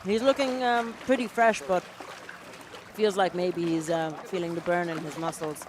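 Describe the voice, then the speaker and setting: A woman's voice: on the low side, steady tone, moderate pace, background noise. A woman giving live sports commentary in a chatty, encouraging way, cheering the athletes on.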